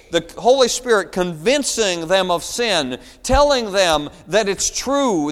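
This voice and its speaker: A man's voice: high voice, fairly bright tone, in a large hall. A man preaching a sermon as pastor, pleading and building in intensity. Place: church.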